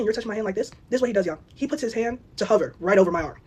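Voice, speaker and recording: A woman's voice: mid-range voice, expressive, rapid-fire, hardly any pauses. A young woman tells a story straight to camera, talking at a breakneck clip and acting out both sides of the exchange. She is blunt and swears freely. A faint hiss sits under her voice. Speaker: vlogger telling a story. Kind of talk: casual storytime narration.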